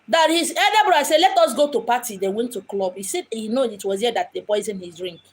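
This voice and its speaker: A woman's voice: mid-range voice, lively intonation, fast, slightly rough. A woman from Abia State in Nigeria with a Nigerian accent, a spiritual medium speaking in an impassioned, dramatic monologue. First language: Igbo. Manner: dramatic, acts out quoted voices. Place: home in Lagos.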